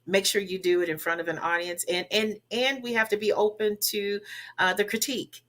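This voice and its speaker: A woman's voice: mid-range voice, fairly even intonation, brisk, fairly bright tone. A woman from the Southern United States, a guest who coaches public speaking, giving emphatic advice in a podcast interview. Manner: emphatic and instructive, repeats key words.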